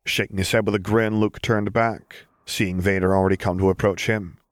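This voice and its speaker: Deep-voiced man reading a story. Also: flat delivery, moderate pace, no echo, studio quality. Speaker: narrator. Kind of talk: audiobook reading.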